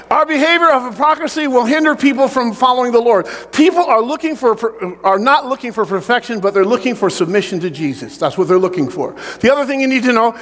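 A man preaching a sermon with personal testimony in an animated way, joking with the congregation. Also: extremely high pitch, in a large hall.

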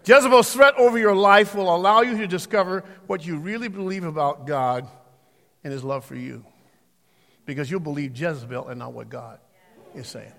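A man preaching a sermon in a church, swinging between shouted exhortation and quiet reading of scripture. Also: fairly high pitch, normal speed, gravelly. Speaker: pastor. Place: church sanctuary. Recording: long hall reverb.

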